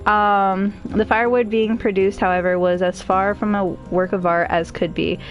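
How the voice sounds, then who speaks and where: A woman streamer reads a game's story aloud and keeps breaking into chatty, emotional asides. Her voice sits at an average pitch, and faint music plays in the background. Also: steady tone, moderate pace, muffled recording. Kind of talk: reading game story aloud with reactions.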